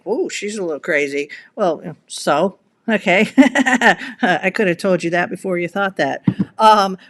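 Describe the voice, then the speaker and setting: A middle-aged woman in a casual live video, talking in a chatty, rambling way with lots of restarts and fillers. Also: lowish voice. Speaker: content creator. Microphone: camera mic.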